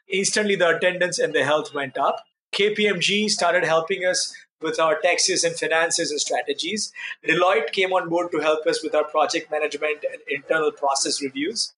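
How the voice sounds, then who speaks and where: A man speaks as a guest in an interview, his voice bright and a touch high. He tells his stories in an earnest, animated way. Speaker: guest, nonprofit founder. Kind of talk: conversational interview storytelling.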